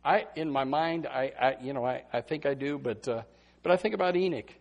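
A man preaching a Baptist sermon, swinging from loud emphatic bursts to hushed asides. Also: mid-range voice, brisk, highs cut off.

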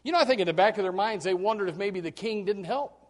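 This pastor talks fast in a high voice while preaching to his congregation, repeating words to build his points and acting out quoted speech.

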